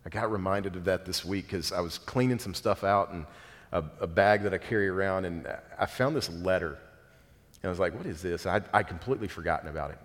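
A man in his thirties, a pastor preaching a sermon in a conversational, earnest way with self-deprecating asides. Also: low-pitched. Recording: long reverb of a large hall.

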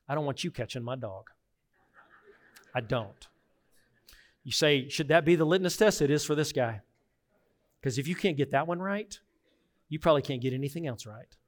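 A middle-aged man preaching a sermon as pastor, earnest and emphatic, swinging between hushed reflection and forceful insistence. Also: mid-range voice, expressive, normal speed, long pauses.

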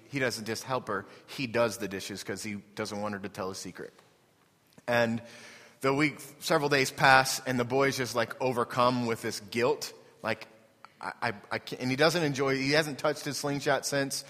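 A male preacher with a bright, forceful voice, talking loosely and conversationally before pressing into earnest appeals. His words carry a long reverb from a large church hall. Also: mid-range voice, moderate pace. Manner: conversational, with many fillers and restarts, rising to earnest appeals. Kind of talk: sermon with storytelling.

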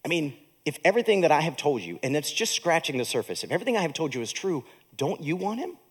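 A man preaching a sermon as a pastor in a church, with animated delivery and joking asides to the congregation. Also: a little high, fast, breathy edge.

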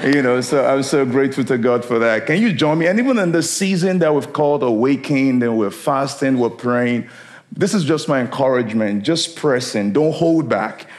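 A middle-aged man preaches a lively sermon. He laughs easily, calls for amens, and reads scripture with steady conviction at an ordinary pitch. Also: normal speed. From Nigeria. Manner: upbeat, laughing often, preachy call-and-response. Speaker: guest preacher.

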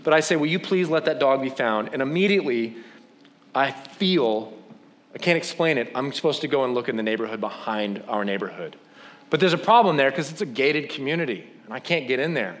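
In this humorous sermon, the preacher pokes fun at himself through an animated story, voicing what others said. He speaks fairly quickly in a mid-range voice.

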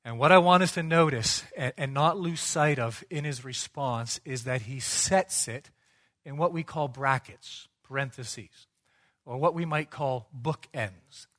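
A man preaching a sermon, emphatic and rhetorical, dropping low and quiet and then rising loud for his points. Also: unhurried. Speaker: pastor.

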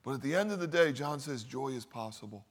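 A man preaching a sermon, telling stories and swinging from loud, lively lines to quiet, hushed ones. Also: mid-range voice, fairly quick. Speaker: pastor. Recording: long hall reverb.

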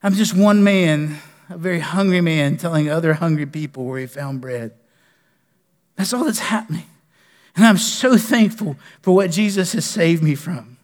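A male pastor preaching with passion, his fairly high voice rising in fervent appeals and falling to a hushed plea. A long reverb trails each phrase, as in a church sanctuary. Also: normal speed. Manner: impassioned preaching that drops to soft, prayerful pleading. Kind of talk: sermon.

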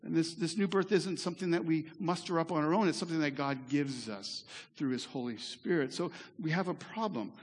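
A man's voice: a little high, fairly quick, few pauses. Man preaching in an echoey hall. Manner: conversational, earnest, with asides to the congregation. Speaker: pastor. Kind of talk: sermon. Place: church sanctuary.

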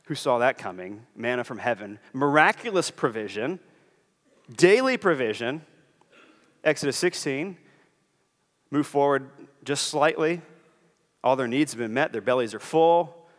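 Pastor, male, earnest sermon delivery with animated swings in pitch, recorded in a church with lingering reverb. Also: a little slow, pauses often. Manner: earnest preaching, acts out quoted voices.

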